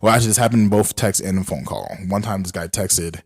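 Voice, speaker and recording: A man's voice: on the low side, fast, dry recording, studio quality. A young man co-hosting a podcast, chatting casually and telling stories in a laid-back way. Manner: laid-back, storytelling with acted quotes. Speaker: podcast co-host. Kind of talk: casual chat.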